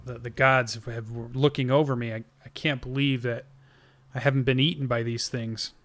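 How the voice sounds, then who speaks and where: A man's voice: medium pitch, little pitch movement, brisk, a bit bright, lightly acted. A man voicing a small, frightened male gnome forester who stammers and stumbles over his words. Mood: shaken. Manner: stammering, anxious.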